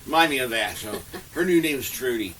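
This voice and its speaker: A man's voice: medium pitch, animated, brisk, fairly bright tone. A man chatting casually with dry, teasing humor inside a camper. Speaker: vlogger's husband. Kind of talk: casual chat. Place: camper trailer. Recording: distant mic with faint background noise.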